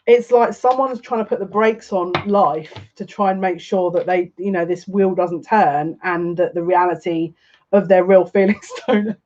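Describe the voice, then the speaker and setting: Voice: mid-range voice, fairly even intonation, normal speed, darkish tone, muffled recording, slight background noise. A psychic tarot reader giving a live reading, chatty and rambling, who laughs often and repeats phrases.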